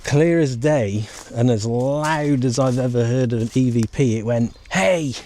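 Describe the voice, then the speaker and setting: A man vlogs alone outdoors in the woods, talking into a handheld camera in a hushed, jumpy, rambling way. His pitch is ordinary for a man. Faint outdoor noise hangs under the recording. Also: fairly even intonation, measured pace. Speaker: paranormal investigator vlogger. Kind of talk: casual vlog commentary.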